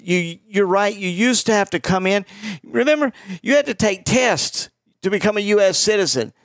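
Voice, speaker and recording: Host: high-pitched man from Florida, opinionated and emphatic, dry close sound. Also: expressive, normal speed, dry recording. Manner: opinionated, emphatic, repeats words. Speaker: podcast host. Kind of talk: casual political chat.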